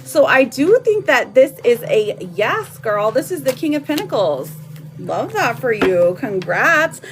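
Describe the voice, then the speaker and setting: With a fairly high, sing-song, rather bright voice and a slightly slow pace, a tarot reader in her thirties chats affectionately and laughs often with viewers on a noisy live stream from home.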